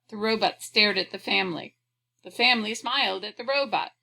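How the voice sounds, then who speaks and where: A woman reading a children's storybook aloud, clearly and expressively. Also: medium pitch, brisk, sharp tone, rough recording. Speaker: audiobook reader.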